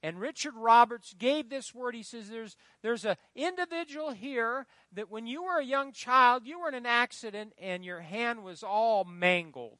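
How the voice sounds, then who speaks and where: Preaching emphatically, a middle-aged pastor gives a sermon in a voice pitched unusually high for a man, full of wide, animated swings and a bright, forceful edge. He leaves gaps for the congregation to supply words as he presses his points. The sound is close and dry, without echo.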